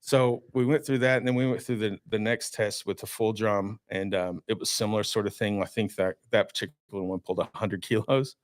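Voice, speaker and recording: A man telling a story as a podcast guest in a studio, animated and talkative, acting out his own reactions. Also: fairly low pitch, fairly quick, hardly any pauses, no room sound. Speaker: guest, marine winch maker. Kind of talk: casual studio podcast chat.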